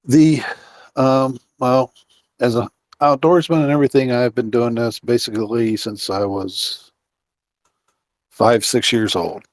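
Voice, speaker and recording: A man's voice: mid-range voice, steady tone, measured pace, long pauses, no echo. A middle-aged man, a guest on an interview, telling a long outdoor story in a rambling way full of fillers and restarts. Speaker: guest, outdoorsman and Bigfoot researcher.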